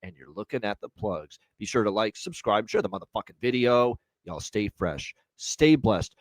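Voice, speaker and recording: A man co-hosting a casual sports betting show who talks in a rambling way with lots of filler phrases and gets loud and profane when he signs off. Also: lowish voice, lively intonation, moderate pace, hardly any pauses, low-quality recording. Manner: profane hype in sign-offs. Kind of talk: casual betting talk on a livestream.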